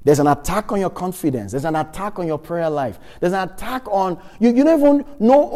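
A man's voice: high voice, expressive, fairly quick, hardly any pauses, warm tone, long reverb tail. A man preaching a sermon, reading Bible verses and asking the congregation questions with emphasis.

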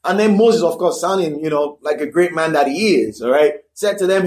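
A man's voice: on the high side, a little fast, few pauses, darkish tone. A man preaching a sermon, emphatic and conversational, repeating key phrases and checking in with his listeners.

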